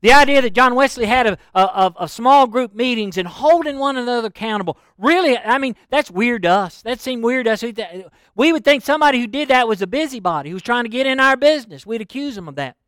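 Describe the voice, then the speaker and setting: A middle-aged preacher with a high, clean voice, delivering a sermon in a folksy, animated storytelling way. The sound is dry and close, with no room around it. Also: male voice, fast, hardly any pauses, smooth, dry recording.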